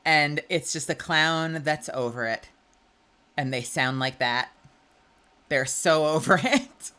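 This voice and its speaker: A woman's voice: low-pitched, slow pace, pushed and bright, clean tone. A woman in her thirties chatting casually on a live stream, giggly and playful with lots of swearing. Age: 30s. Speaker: livestreamer.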